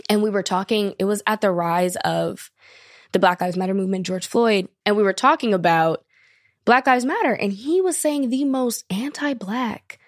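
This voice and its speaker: A woman's voice: mid-range voice, moderate pace, no room sound, clean studio sound. An American woman, a podcast guest, chatting casually and telling stories, acting out the people she quotes. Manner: animated storyteller, acts out quotes.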